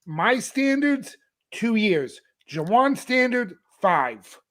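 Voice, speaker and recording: A man's voice: high voice, sing-song, takes it slowly, a bit bright. A man co-hosting a casual live sports chat, blunt and curt, swearing casually. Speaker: podcast co-host.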